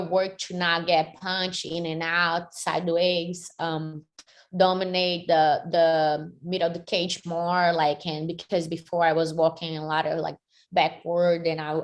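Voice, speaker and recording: A woman, a fighter answering interview questions energetically, with many "like" fillers. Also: fairly low pitch. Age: 30s. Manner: energetic, frequent "like" fillers, second-language phrasing. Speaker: MMA fighter and jiu-jitsu athlete.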